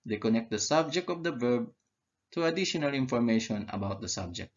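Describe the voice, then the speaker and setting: A man's voice: mid-range voice, expressive, brisk, highs cut off. A man teaching an English grammar lesson, who asks questions and answers them himself and repeats key words. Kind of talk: slow, deliberate grammar lesson.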